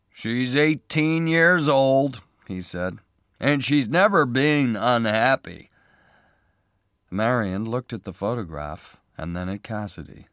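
Male narrator, slow graded-reader storytelling, dry close mic. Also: on the low side, no room sound. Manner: slow, careful, clearly spoken. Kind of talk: scripted storybook narration for learners.

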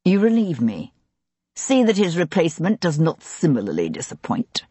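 A woman's voice: sits low, huge pitch swings, moderate pace, warm tone, husky, no echo, exaggerated voice. A woman voicing a cold, menacing older nobleman who speaks in curt commands in an audiobook. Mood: cold, commanding.

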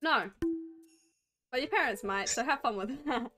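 A woman's voice: fairly high pitch, expressive, normal speed. A woman streamer chatting casually while gaming, swearing and teasing her friends with frequent laughs. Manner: swears and teases, laughs often. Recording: loud music behind the voice.

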